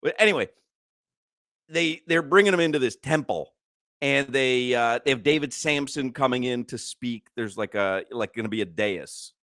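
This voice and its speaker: A man's voice: medium pitch, normal speed, fairly bright tone, dry recording, studio quality. Rambling man on sports radio. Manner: rambling storyteller, thinks aloud with fillers. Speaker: radio show co-host. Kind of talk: casual sports radio banter. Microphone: studio microphone.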